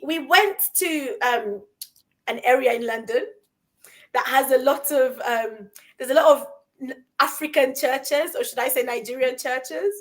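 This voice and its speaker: High-voiced woman telling a story. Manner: animated storyteller, asks rhetorical questions. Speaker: co-host. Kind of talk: conversational storytelling.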